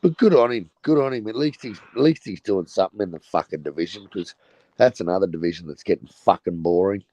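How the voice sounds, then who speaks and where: A man's voice: deep voice, fast, warm tone, no echo, muffled recording. A man with an Australian accent talking boxing in casual chat, blunt and swearing freely.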